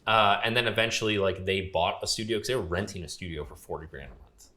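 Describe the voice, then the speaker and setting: A man's voice: lowish voice, fast, pushed and bright. A young man casually telling a long story as a podcast guest, full of fillers and quoted dialogue. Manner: laid-back, lots of fillers, quoting others. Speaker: podcast guest, grip and gaffer.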